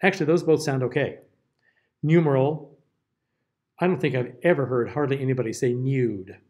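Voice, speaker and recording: A man's voice: medium pitch, moderate pace, darkish tone. An American man giving a classroom diction lecture, carefully over-enunciating example words. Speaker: diction teacher.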